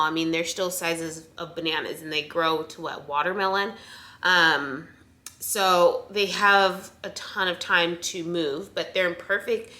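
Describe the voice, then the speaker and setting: A woman's voice: lowish voice, sharp tone. A young woman chatting casually to camera in a vlog, a bit out of breath, with frequent ums and restarts. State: a little out of breath. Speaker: vlogger sharing pregnancy updates.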